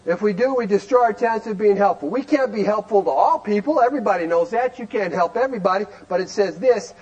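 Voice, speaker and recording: A man lecturing a recovery group with great energy, his voice pitched unusually high. He keeps asking the room rhetorical questions and breaks into shouts to drive points home. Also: fast, few pauses, dull audio. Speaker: recovery program speaker.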